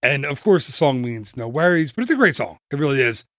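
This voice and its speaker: A man's voice: mid-range voice, sing-song, a bit bright, no echo, studio quality. Enthusiastic male podcast host. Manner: enthusiastic, chatty, quick asides. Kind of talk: casual solo podcast chat.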